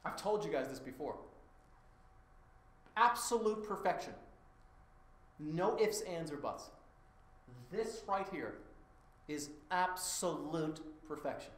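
A man with a high, animated voice improvises comedy bits in a green screen studio, swinging from mocking shouts to deadpan grumbles. His tone is bright and sharp, and he swears freely. The sound is very roomy and echoey, with a faint hiss behind him. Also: slow, pauses often. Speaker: streamer acting out green screen clips. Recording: very echoey room.

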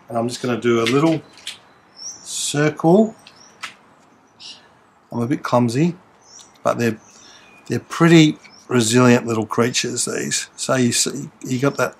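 A man gives a casual, gentle how-to demonstration at a potting bench. He chats to the camera person as he works. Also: mid-range voice. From Australia. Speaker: home gardener demonstrating seedling transplanting. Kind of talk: casual how-to demonstration with some scripted narration.

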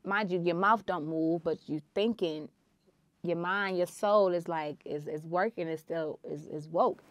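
Woman podcast host, low voice, dry close sound, earnest personal storytelling. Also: measured pace, no room sound. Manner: earnest, intense storytelling with sudden loud swells.

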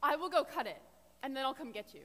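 Brief: a man doing a sly, scheming young woman, pitched high, echoing in a hall. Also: lively intonation, fast talker, a bit bright. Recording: echoey hall, heard from a distance.

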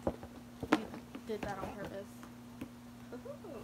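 High-voiced young woman unboxing gifts, gushing and cursing, loud noise in the background. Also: moderate pace. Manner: gushing, emotional, swears, exclaims often. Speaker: vlogger. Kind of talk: excited unboxing chat.

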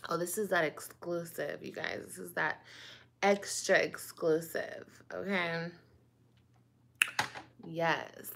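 Woman ranting to her viewers, drags out every word, bright kinda sharp voice, super dramatic. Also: on the low side, creaky. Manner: dramatic, drawn-out, talks straight to the viewers. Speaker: online video host. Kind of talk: casual monologue to camera.

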